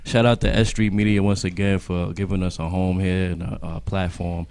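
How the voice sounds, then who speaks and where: A man hosting a radio show, chatting casually and giving shout-outs to his guests and listeners. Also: deep voice, little pitch movement, moderate pace, clean tone. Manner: laid-back, hypes up guests with shout-outs. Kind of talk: casual interview chat and sign-off.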